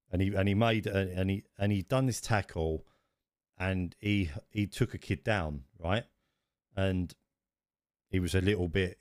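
A man co-hosting a podcast, telling stories in an animated way. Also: low-pitched, no room sound, clean studio sound. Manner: animated storytelling, rising when worked up. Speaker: podcast co-host. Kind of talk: casual chat.

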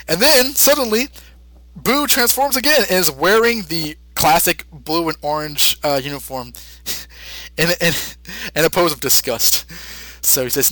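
A man's voice: fairly high pitch, normal speed, fairly bright tone, no room sound, low-quality recording. A man co-hosting a podcast, casually recapping a story with lots of fillers and frequent laughs. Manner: chatty, many fillers, laughs often. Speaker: podcast co-host.

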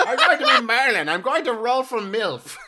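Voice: medium pitch, big pitch swings, moderate pace, natural voice. A podcast guest voicing a bumbling old comedy wizard man over a noisy line. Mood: goofy. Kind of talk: comedic put-on voice in casual chat.

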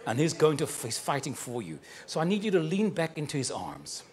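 With a high, darkish voice and huge pitch swings, a man preaches briskly and delivers personal prophecies to congregation members. He's fervent and affectionate, joking and laughing, against slight background noise.

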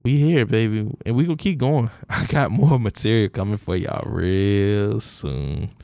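A man with a New Orleans accent hosting a solo podcast in a relaxed, joking way, laughing often and drawing out his slang. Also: fairly low pitch, measured pace, vocal fry, dry recording, clean studio sound. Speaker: podcast host. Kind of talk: casual solo podcast monologue.

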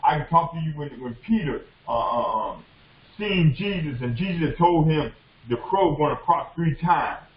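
A man's voice: a little high, expressive, moderate pace. A man preaching a sermon as a bishop, impassioned and repetitive, often calling out to the congregation. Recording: echoey dull lo-fi room recording.

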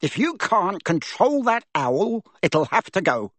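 A man's voice: fairly high pitch, big pitch swings, measured pace, a bit bright, dry recording, voice pushed up, heavily acted. A man voicing a bellowing, short-tempered, large middle-aged uncle in an audiobook. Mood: angry. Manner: roaring, blustering.

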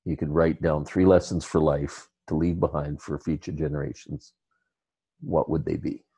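Deep, mellow-voiced male podcast host. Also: flat delivery, moderate pace, slightly rough, no echo. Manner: easygoing, laughs along, rambling sign-off. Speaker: podcast interviewer. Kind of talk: casual interview hosting.

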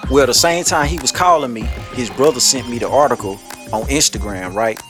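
This commentary show host has a mid-range voice and speaks a little fast over background music. Blunt and heavy on cursing, he rants in street talk and tells his stories with lively energy.

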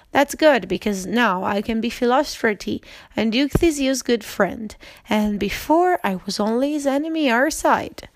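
Arcite, a lovesick young knight with a scheming streak, read out plainly in a storybook tale, as a woman narrator gives his lines. The voice sits a little high and sounds close and dry, with small restarts here and there. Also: no echo.

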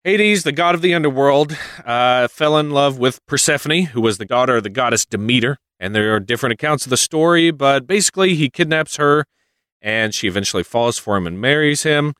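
A man co-hosting a podcast, retelling myths in a casual, animated and often laughing way. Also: medium pitch, brisk, smooth, no room sound, studio quality. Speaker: podcast co-host. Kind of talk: casual storytelling chat.

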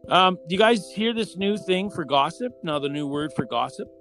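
Middle-aged male host, jokey, teasing, slightly high voice, music bed behind. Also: animated, fairly bright tone. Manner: joking, teasing, halting restarts. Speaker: podcast host. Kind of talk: casual family chat.

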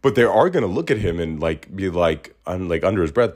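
A man's voice: low-pitched, expressive, a little fast, few pauses, a little mellow. Blunt, profane ranting man. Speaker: podcast host. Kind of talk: casual heated rant.

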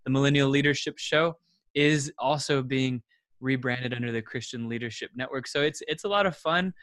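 A man's voice: mid-range voice, moderate pace, a bit bright, dry recording, studio quality. A man in his thirties, a podcast guest, who talks earnestly in a casual interview and repeats words as he thinks.

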